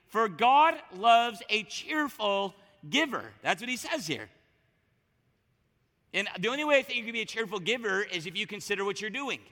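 Preaching from what sounds like a large hall, this pastor has a voice that sits high. His delivery is chatty and lively, and he frequently stops to begin again.

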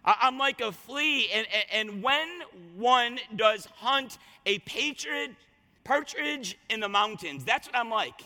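A man preaching a sermon, retelling a scripture story with lively voiced quotes. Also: extremely high pitch, slow pace. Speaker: pastor. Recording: long reverb of a large hall.

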